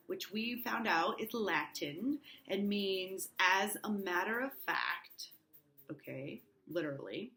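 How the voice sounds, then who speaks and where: A woman's voice: medium pitch, lively intonation, takes it slowly, gravelly, reverberant, poor audio. A woman teacher reading a play aloud to her class, taking every part and breaking off to explain words. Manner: reads all the parts, rising and loud for shouted lines.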